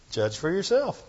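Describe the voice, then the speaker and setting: Male pastor, conversational sermon with chuckles, slightly high voice, long hall reverb. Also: lo-fi sound, a little hiss or hum. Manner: keeps asking the congregation "right?" and "amen?"; chuckles between points. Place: church hall.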